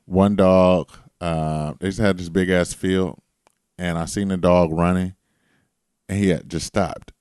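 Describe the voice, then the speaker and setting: A man's voice: low voice, a little slow, clean tone, no room sound, clean studio sound. A man co-hosting a podcast, telling casual stories with lots of swearing. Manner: animated storyteller, swears freely. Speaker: podcast co-host. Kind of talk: casual storytelling chat.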